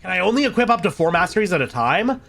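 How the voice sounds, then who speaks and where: A man's voice: sits high, sing-song, fast talker, gravelly, fairly bright tone. A man streaming a video game, giving casual let's-play commentary, chatty and thinking aloud, laughing at himself. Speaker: gaming streamer.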